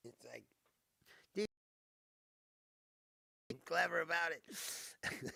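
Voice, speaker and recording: A man's voice: a little high, animated, extremely slow, creaky, long pauses, sharp tone, dry recording. A middle-aged man hosting his own show, ranting casually with lots of swearing and laughter, mocking and sarcastic. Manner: swears a lot and laughs often. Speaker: show host. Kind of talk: casual profane rant.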